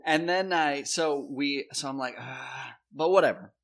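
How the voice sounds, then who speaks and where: A man's voice: medium pitch, unhurried, vocal fry, fairly bright tone. A middle-aged man from South Dakota, co-hosting a podcast, who tells a story in a casual, profane way and acts out his own past reactions. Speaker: podcast co-host.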